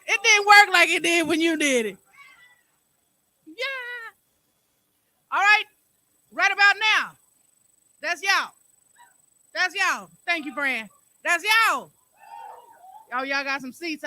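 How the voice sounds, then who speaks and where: Brief: woman emcee, high bright voice, slow easy banter, hollers at the room, dry sound. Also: dry recording, rough recording. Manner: chatty, hollers at the crowd. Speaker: open mic host. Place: open mic venue.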